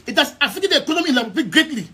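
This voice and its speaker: Very fast and sharp-toned, this very high voice swings widely in pitch. It belongs to a young Southern Cameroonian activist and news outlet head, speaking in Cameroonian English to followers on a live stream, emphatically repeating key phrases amid many stammered restarts.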